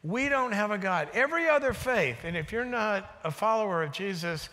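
Animated man preaching in a reverberant hall. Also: high voice, normal speed. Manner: animated storyteller, drops to a hushed voice for quotes. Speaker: guest speaker. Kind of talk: sermon with storytelling. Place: church sanctuary.

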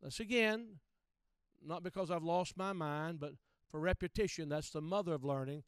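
Male preacher, high and resonant, teaching sermon, emphatic repetition, close dry mic. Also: moderate pace, clean tone, no room sound. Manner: emphatic, repeats key phrases, addresses listeners directly.

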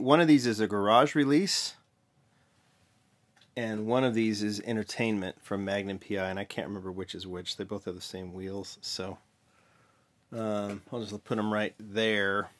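A man with a somewhat low voice talks his way through a casual show-and-tell vlog. His delivery is offhand and a little mumbled, with quick self-corrections along the way. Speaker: vlog host, toy car collector.

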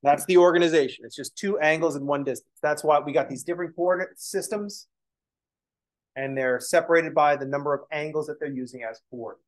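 A man's voice: on the high side, fairly quick. A man teaching a math lesson in a casual lecture style, explaining as he writes and slipping in joking, self-deprecating asides. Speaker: math instructor.

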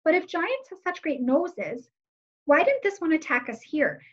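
A woman reading aloud, voicing a wary, sharp young girl who asks blunt questions. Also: very high-pitched, very animated, measured pace, voice pushed up, heavily acted. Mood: questioning. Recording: slightly muffled lo-fi recording.

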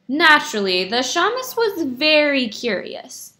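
A woman reading a picture book aloud to young children, stopping to explain words like a teacher. Her voice is bright and sits a little high. Her pitch moves in lively, animated sweeps. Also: unhurried, few pauses. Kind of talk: read-aloud storytelling for children.

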